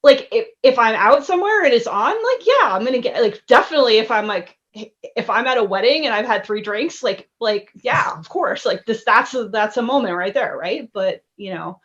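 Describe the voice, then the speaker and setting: A woman's voice: on the high side, lively intonation, normal speed, fairly bright tone, dull audio. A woman giving her take in casual podcast chat, rambling with many fillers. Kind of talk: casual album discussion.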